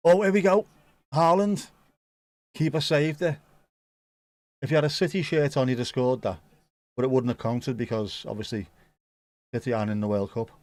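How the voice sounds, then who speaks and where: A man's voice: medium pitch, fairly even intonation, moderate pace, long pauses, darkish tone, no room sound. A man casually commenting on a football match for a live watchalong, joking and reading out viewer comments. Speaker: watchalong host.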